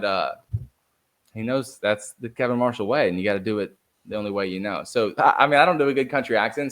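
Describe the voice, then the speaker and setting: A man's voice: mid-range voice, a bit bright. A young man on a podcast as a guest, chatting energetically, laughing often and swearing casually. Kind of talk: casual chat.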